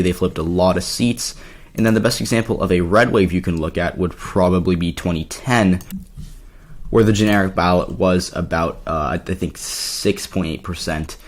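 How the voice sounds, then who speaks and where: A political commentary YouTuber gives a casual, rambly explainer about the election, speaking fairly quickly with lots of ums and frequent self-corrections. His low voice is slightly hoarse from yelling at a party.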